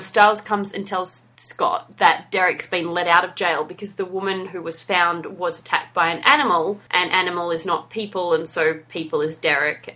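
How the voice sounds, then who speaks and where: A woman's voice: fairly low pitch, sharp tone. A woman hosting a podcast, enthusiastically recapping a TV episode in casual chat. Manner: enthusiastic, recounts scenes and quotes. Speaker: podcast host.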